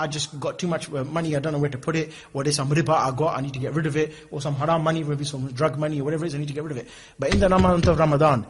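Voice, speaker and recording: A middle-aged man preaching an Islamic lecture, acting out lively dialogues between people as he tells stories. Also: fairly high pitch, slightly rough. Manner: lively, acts out dialogues in different voices. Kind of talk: animated Islamic lecture with storytelling.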